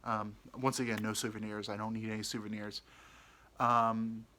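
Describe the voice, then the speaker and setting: A man's voice: on the low side, level tone, normal speed, sharp tone. A man hosting a podcast, telling a crude personal story in a rambling, frank way full of fillers. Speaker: podcast host. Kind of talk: casual storytelling.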